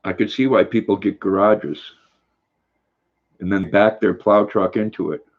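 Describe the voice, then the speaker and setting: An older man hosts a livestream, chatting casually and reading out viewer comments in a folksy, rambling way. He has a fairly low, steady voice and a measured pace, and the recording sounds dull and lo-fi.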